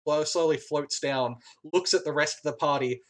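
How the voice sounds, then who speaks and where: A man narrating a tabletop game as game master, halting often with fillers and restarts. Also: fairly high pitch.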